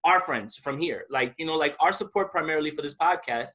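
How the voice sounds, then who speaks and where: A man co-hosting a podcast, chatting casually and quickly, his speech packed with fillers. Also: a little high, fairly bright tone. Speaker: podcast co-host.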